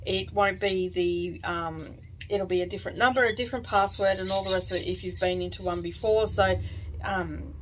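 Woman vlog host, middle-aged, casual rambling chat with lots of fillers, medium pitch. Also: fairly even intonation, normal speed, slight background noise. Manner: rambling, chatty, many fillers and asides.

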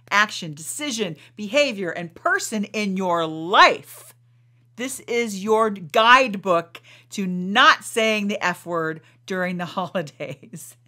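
A woman who hosts a podcast, guiding a slow, soothing meditation and then coaching her listeners with emphatic encouragement. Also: on the low side, pushed and bright. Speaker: podcast host and life coach. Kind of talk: guided meditation and coaching talk.

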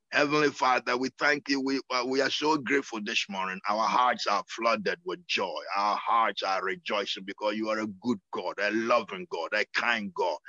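A man's voice: fairly low pitch, pushed and bright, dry recording, muffled recording. A man preaching a sermon and praying, fervent, with sudden whoops, often repeating his words. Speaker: apostle preaching. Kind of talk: sermon and prayer.

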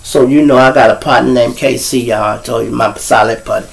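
A man's voice: medium pitch, steady tone, a little fast, creaky, low-quality recording. A middle-aged man, the host, telling street stories in a casual, profane monologue aimed straight at his viewers. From Chicago. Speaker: storyteller host.

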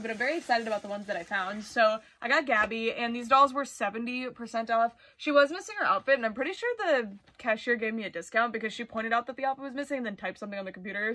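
A young woman, gushing excitedly in a casual doll-collecting vlog. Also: a little high, no echo. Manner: excitable and gushing, with frequent exclamations. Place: busy retail store, indoors.

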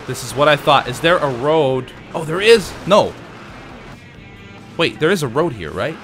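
A man casually commenting while playing a racing game, chatty and jokey with sudden excited outbursts. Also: on the high side, a little slow, faint music behind. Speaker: let's play host.

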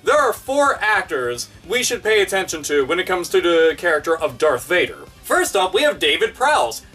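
A man's voice: high voice, sing-song, moderate pace, bright, forceful tone, husky, far from the mic, soft background music. A man ranting in online commentary, profane, sarcastic and exasperated.

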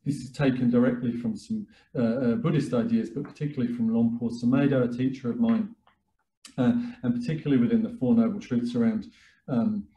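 Calm, reflective male presenter. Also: medium pitch, muffled recording. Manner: calm, reflective, with frequent fillers and restarts. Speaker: webinar presenter, therapist. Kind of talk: talk. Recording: echoey room.

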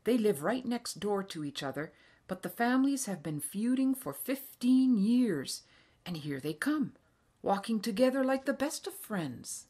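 Woman reading as a brisk middle-aged father. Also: medium pitch, big pitch swings, warm tone, husky, voice pushed up. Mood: amazed. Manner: exclaiming, raised voice.

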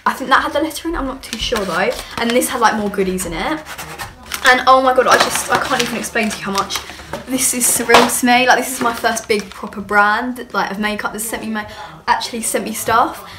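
A young woman chatting through an unboxing as a beauty vlogger, bubbly and rambling as she gushes. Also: a little high. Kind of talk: casual unboxing chat. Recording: clear background noise with clicks.

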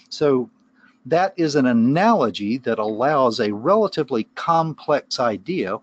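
A man's voice: mid-range voice, highs cut off. A man presenting a webinar lecture on the brain, explaining with analogies and casual asides. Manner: conversational, wanders into asides and analogies.

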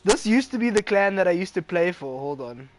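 Young gaming streamer. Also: male voice, high-pitched, lively intonation, a little fast. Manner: loose, swearing, laughs often. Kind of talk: casual stream chat.

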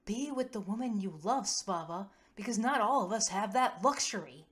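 A woman's voice: medium pitch, animated, moderate pace, voice pushed up, close to an everyday voice. A woman voicing a guarded, defensive woman pilot in a narrated tabletop story, getting flustered and defensive. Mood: pleading.

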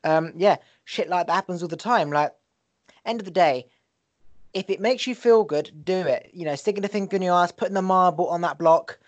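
A man's voice: high voice, a little fast, lo-fi sound. A man, a podcast guest chatting casually in a crude, jokey, laid-back way.

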